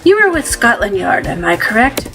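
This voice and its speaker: A woman reading a brisk male police captain. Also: mid-range voice, big pitch swings, music in the background. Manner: gruff put-on voice she keeps dropping.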